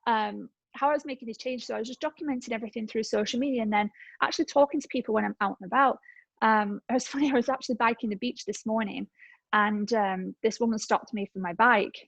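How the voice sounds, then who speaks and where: A woman's voice: fairly high pitch, fairly even intonation, fast, gravelly, no room sound, rough recording. A woman in her thirties presents on a group call, telling her story in an upbeat, chatty way full of fillers. She sounds slightly out of breath. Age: 30s. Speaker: network marketing presenter. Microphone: call microphone.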